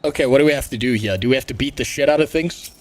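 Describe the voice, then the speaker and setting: A man's voice: mid-range voice, rapid-fire, faint music behind. A man streaming a game, ranting bluntly and swearing freely in casual chat. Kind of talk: casual livestream gameplay chat.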